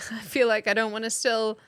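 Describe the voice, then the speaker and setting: A woman's voice: fairly high pitch, little pitch movement, normal speed, smooth. An Australian woman chatting casually on a live stream, quizzing her chat like a teacher. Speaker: substitute streamer.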